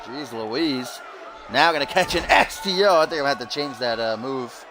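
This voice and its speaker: A young man doing mock play-by-play commentary over a wrestling video game, bursting into shouts at big moves. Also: mid-range voice, normal speed. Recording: loud game crowd and noise behind. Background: loud arena crowd and game sounds.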